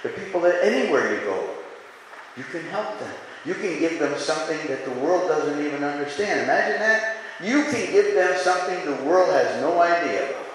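A male pastor preaching to his congregation. His voice sits a touch high and swings from loud, fervent calls down to hushed, low musing. It rings out with a long echo around a large hall, over faint room noise. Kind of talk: sermon.

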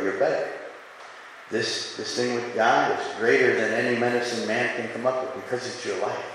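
Fervent preacher in an echoey hall. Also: male voice. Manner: swings between loud fervent calls and hushed low musing. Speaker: pastor. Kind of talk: sermon. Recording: echoey hall, faint room noise.

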